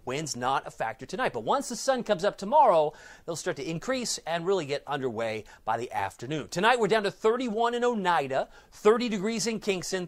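Lively, chatty male weather forecaster. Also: fairly high pitch. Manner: chatty, jokey asides to himself.

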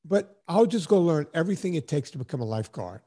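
Animated storytelling man in his fifties. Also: fairly high pitch, quick pace, breathy edge. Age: 50s. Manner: rambling, animated, acts out quoted voices. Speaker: podcast host. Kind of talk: casual storytelling chat.

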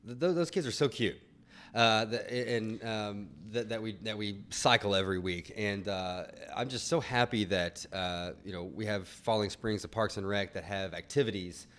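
A man's voice: fairly low pitch, normal speed, a bit bright. A man in his thirties co-hosting a local show, chatting casually and jokingly with a lot of rambling restarts. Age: 30s. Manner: rambling, many restarts, jokey. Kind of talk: casual chat.

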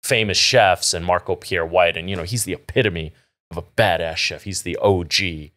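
A man hosting a casual podcast, talking animatedly, swearing freely and laughing loudly. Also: low voice, moderate pace. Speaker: podcast host.

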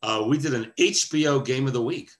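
A man's voice: mid-range voice, a little fast. An older man, a veteran sportscaster, telling wry stories as a guest on a video call. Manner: wry, animated storyteller. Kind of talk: anecdotal storytelling.

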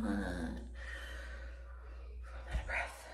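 A young man with a raspy voice, chatting casually to his vlog camera, swearing and dropping to whispers. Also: a little high, lively intonation, a little slow. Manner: frequent "like" fillers, swearing, drops to whispers. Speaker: vlogger.

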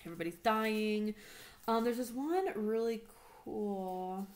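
A woman's voice: medium pitch, a little slow, darkish tone. A woman teacher giving a casual recorded lesson, explaining a text in an informal, chatty way with lots of filler words.

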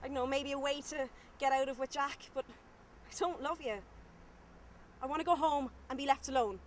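An actress with a Cork accent playing a young woman done with two cheating lovers, shrill and sharp when she shouts. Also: fairly even intonation, normal speed, slight background noise, lightly acted. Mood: fed up. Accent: Cork Irish. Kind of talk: film acting.

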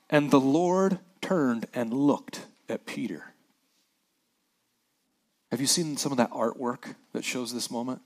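A man preaching a sermon as a pastor, reading scripture with lively acted-out voices and dropping quiet for the somber parts. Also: mid-range voice. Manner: animated preacher who acts out scripture voices, dropping soft for somber moments.

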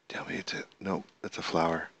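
A man casually commenting on his own gameplay, excitable and talking to the animals and monsters he meets. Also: low voice, slightly rough. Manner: excitable, talks to the animals and mobs in the game. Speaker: gamer. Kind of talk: casual let's-play commentary. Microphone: desk microphone.

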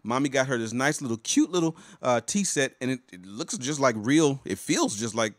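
Pastor guy chatting on a live stream, mid voice, repeats himself a lot, shouts out viewers by name, dry close sound. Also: mid-range voice, lively intonation, moderate pace, no room sound. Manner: warm, chatty, repeats words and restarts often. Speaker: pastor and life coach. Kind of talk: casual live-stream coaching talk.

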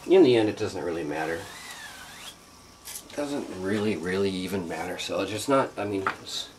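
A man's voice: deep voice, normal speed, noisy background. A man hosting a how-to show, demonstrating by hand in an indoor workshop with a rambling, joking, self-deprecating manner. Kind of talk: casual hands-on demonstration.

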